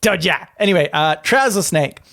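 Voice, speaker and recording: Giggly man, lively pitch. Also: normal speed, vocal fry. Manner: giggly, breaks into frequent laughter. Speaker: podcast co-host. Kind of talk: casual comedic chat, reading a list aloud.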